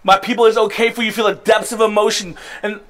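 A man's voice: high-pitched, little pitch movement, fast talker, a bit bright, soft background music. A man preaching a sermon to his congregation, conversational and emphatic, sometimes laughing at himself. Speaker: pastor. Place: church service.

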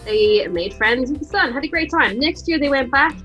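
An Irish woman with a faint mid-Atlantic twang chats easily as a radio co-host, quick to laugh. Her voice sits a little high and rings very bright and forward. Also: lively intonation, soft background music. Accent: Irish with a mid-Atlantic lilt. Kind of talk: casual chat.

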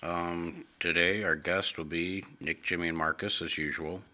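A young man hosting an amateur comedy podcast, hesitant and deadpan, with many pauses. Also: sits low. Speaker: host.

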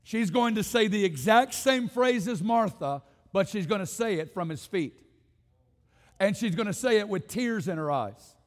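Impassioned high-voiced male preacher. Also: expressive, normal speed, in a large hall. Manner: impassioned, repetitive rhetorical build-ups, directs congregation to respond. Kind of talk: sermon. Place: church sanctuary.

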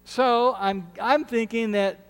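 A man's voice: extremely high pitch, steady tone, slow pace, clean tone, long reverb tail. A man preaching a sermon as pastor, earnest and conversational, often restarting his words. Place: church sanctuary.

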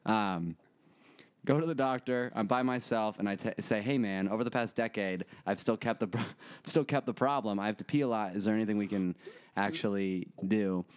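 A man's voice: fairly low pitch, moderate pace, smooth. Casting: young male podcast co-host, crude comic storyteller, laughs a lot. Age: 20s. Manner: crude, laughs often, acts out quotes. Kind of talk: casual comedic storytelling.

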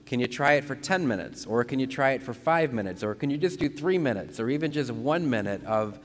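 Male priest leading guided prayer, slow and calm, long reverb on the recording. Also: medium pitch, a little hiss or hum. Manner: slow, calm, repeats phrases with pauses for breathing. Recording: long reverberant room sound.

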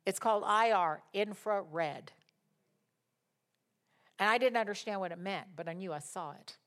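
A woman preaching a sermon, rising to loud, impassioned declarations and dropping to soft, chatty asides. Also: mid-range voice, measured pace.

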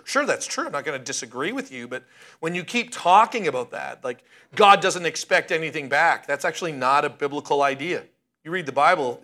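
Forceful, bright-voiced male pastor preaching. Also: a little high. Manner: emphatic, slowing down to stress key words. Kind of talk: sermon.

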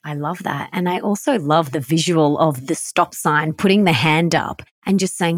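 A woman with a somewhat low voice, hosting a podcast conversation. She sounds warmly enthusiastic and affirming as she responds to her guest. The recording is dry and close to the mic. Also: normal speed, hardly any pauses, no room sound. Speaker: podcast host. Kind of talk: casual interview talk.

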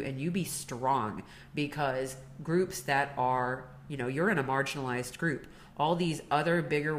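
A woman with a notably low voice co-hosts a podcast in relaxed conversation. She tells stories with energy, and she laughs easily between her points. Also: slight background noise. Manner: chatty, animated storytelling with laughs. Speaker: podcast co-host. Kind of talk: casual chat.

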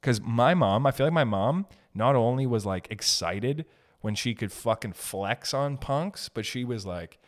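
Profane, animated podcast host, man. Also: mid-range voice, unhurried. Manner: animated and profane, laughs as he talks. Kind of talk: solo storytelling podcast.

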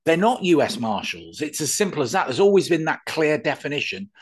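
A man with a husky, slightly raspy voice talks about old television in a loose, joking way. He often pauses and restarts with ums as he works out what to say. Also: a little high, big pitch swings. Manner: jokey asides, hesitant with many ums. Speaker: podcast co-host. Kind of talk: casual chat about old TV.

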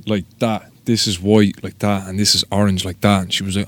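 A man with a Dublin Irish accent, a tattoo artist telling stories on a casual podcast, sweary and animated as he acts out what people said. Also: lowish voice, fairly quick. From Ireland. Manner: sweary, animated storyteller acting out quotes.

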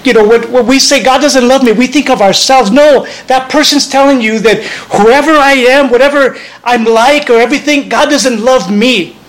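Guy preaching, kinda high voice, earnest and chatty, keeps restarting sentences. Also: moderate pace, hardly any pauses, poor audio. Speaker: pastor. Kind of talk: sermon.

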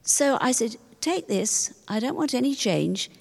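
An older woman telling a personal story to the congregation in a chatty, animated way, acting out what others said. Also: on the high side, measured pace, vocal fry. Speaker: congregation member sharing a testimony. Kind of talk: personal story told in church. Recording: church hall with long reverb.

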